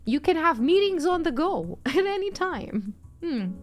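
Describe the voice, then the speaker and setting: A woman's voice: extremely high pitch, sing-song, unhurried. A young woman streamer in a casual chat stream, reading chat and answering in a playful, teasing way, laughing often. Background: faint background music.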